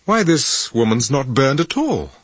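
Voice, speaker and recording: A man voicing an earnest male doctor at a remote outpost in an audiobook, speaking briskly. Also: medium pitch, very animated, slightly rough, no room sound, pitched above the performer's own voice.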